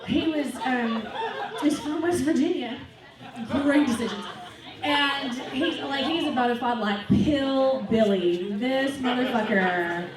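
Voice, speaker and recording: A woman's voice: sits high, takes it slowly. A woman doing a brash, profane stand-up comedy set on a club stage. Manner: brash, profane, animated storytelling. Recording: echoey club from a distance with crowd. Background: audience laughing.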